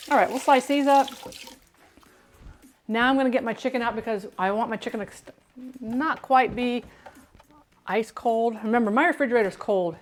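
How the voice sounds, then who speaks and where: A woman's voice: a little high, moderate pace, long pauses. A woman chatting casually while she cooks, rambling and interrupting herself, from the United States. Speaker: home cook and streamer. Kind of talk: casual cooking chat.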